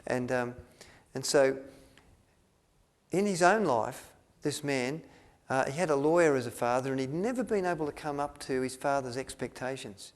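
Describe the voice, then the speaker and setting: A man's voice: mid-range voice, normal speed. Rambling man telling stories. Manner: rambling, with many restarts and fillers, acting out quotes. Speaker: speaker at a health retreat. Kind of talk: storytelling talk to an audience.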